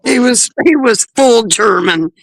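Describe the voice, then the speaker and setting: A woman with a Southern American accent, chatting on a panel in an unhurried, drawn-out way and chuckling between remarks. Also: fairly high pitch, animated, slight background noise, poor audio. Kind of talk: casual panel chat.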